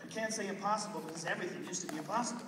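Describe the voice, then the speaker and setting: A man doing a live stand-up set, loud and profane, with shouted bursts. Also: sits high, very fast. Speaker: stand-up comedian. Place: large live venue with an audience. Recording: distant audience recording in an echoey hall. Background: loud crowd laughter and noise.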